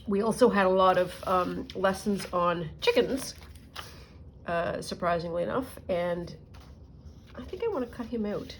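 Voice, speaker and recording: A woman's voice: mid-range voice, unhurried, slight background noise. A middle-aged woman telling rambling stories and muttering to herself as she works on a junk journal in a casual crafting vlog. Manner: rambling storyteller, muttering to herself while working.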